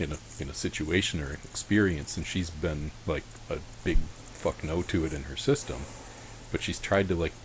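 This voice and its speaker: A man hosting a podcast in a slow, earnest and thoughtful way. His voice is very deep, with a faint hiss of noise under it. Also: rough recording. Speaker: podcast host. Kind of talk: reflective podcast conversation.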